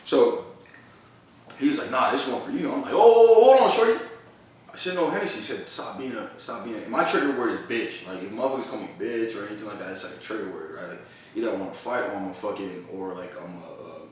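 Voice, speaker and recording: A man's voice: on the low side, quick pace, fairly bright tone, a little hiss or hum. A man telling a long story in casual chat, rambling with lots of slang and laughter. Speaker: podcast host. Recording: roomy echo, a bit far from mic.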